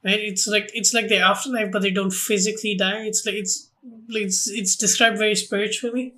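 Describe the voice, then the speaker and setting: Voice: mid-range voice, steady tone, brisk, sharp tone. Podcast co-host, casual film chat, hesitant, filler-heavy.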